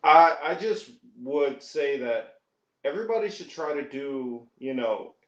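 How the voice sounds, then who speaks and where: A man's voice: fairly high pitch, expressive, unhurried. A man talking as a podcast guest in casual chat, hesitant and earnest. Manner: hesitant, many fillers and restarts, earnest. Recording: echoey, dull lo-fi audio.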